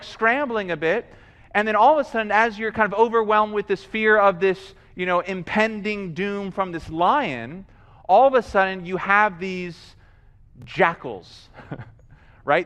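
A man's voice: sits high, a bit bright, clean tone, big-room sound. A male pastor preaching a sermon, telling stories animatedly, acting out scenes and calling for responses from the congregation.

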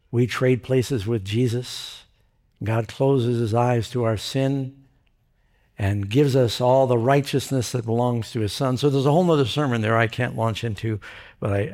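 Man preaching an animated story sermon. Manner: animated retelling, voices characters with pitch jumps.

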